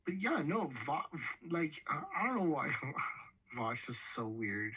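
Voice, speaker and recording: A man who plays in a tabletop game, chatting casually in an animated, stammering way, often laughing. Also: on the high side, measured pace, slightly rough, highs cut off. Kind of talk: casual post-game chat.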